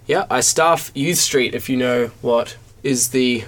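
A young man, friendly and matter-of-fact as a podcast guest. His voice sits at an ordinary middle pitch. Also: a little slow, fairly bright tone. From New Zealand. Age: 20s. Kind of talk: casual chat.

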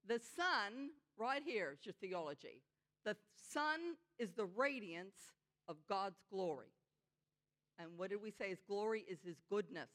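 A woman preaching a sermon in an earnest, conversational way, slowing down to stress her key points. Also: medium pitch, a bit bright. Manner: conversational asides with frequent "you know".

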